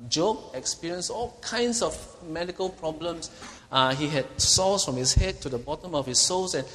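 A man's voice: a little high, expressive, moderate pace, a bit bright, slight background noise. A man preaching an expository sermon, teaching with emphasis and often checking in with his listeners by asking "okay?". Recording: long reverb of a hall.

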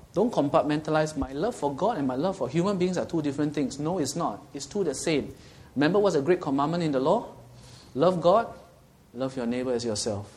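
A man with a slightly high, somewhat mellow voice preaches a sermon in an earnest, teaching manner. He puts questions to his listeners and frequently checks in with "okay?".

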